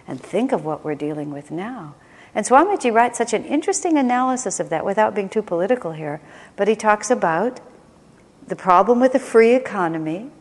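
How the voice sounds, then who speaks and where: A woman's voice: medium pitch, lively intonation, fairly quick. A woman leading a spiritual class, speaking conversationally and reflectively, often restarting her sentences. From United States. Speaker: spiritual teacher. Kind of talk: teaching a class. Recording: long hall reverb.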